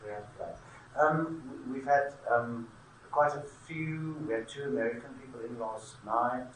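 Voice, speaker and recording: A South African man speaks thoughtfully and haltingly, restarting his sentences as he goes. He sits away from the mic in a reverberant room, with a faint hum of ambience behind him. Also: mid-range voice, fairly even intonation. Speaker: theatre maker. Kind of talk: conversational interview. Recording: echoey room, mic at a distance.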